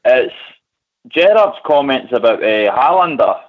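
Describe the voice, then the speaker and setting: A man's voice: medium pitch, sing-song, a little slow. A man with an Edinburgh accent calling a radio phone-in, blunt and questioning. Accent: Scottish, Edinburgh. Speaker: caller. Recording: lo-fi phone-in audio.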